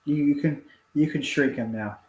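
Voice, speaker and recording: A man's voice: fairly high pitch, moderate pace, darkish tone. A man joining a live stream as a guest, joking and teasing in casual chat over a video call.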